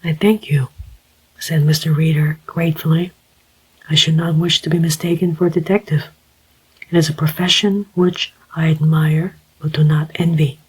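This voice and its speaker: A narrator whispering the part of a gentle, formal older male inquiry agent, as whispered role-play. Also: mid-range voice, flat delivery, normal speed, husky, low-quality recording. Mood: grave.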